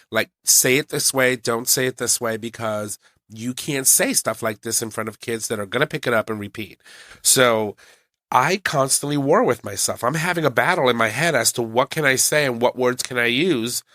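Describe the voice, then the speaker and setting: A man's voice: medium pitch, normal speed, bright, forceful tone, no room sound. A man in casual podcast chat, rambling with many restarts and fillers. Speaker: podcast co-host.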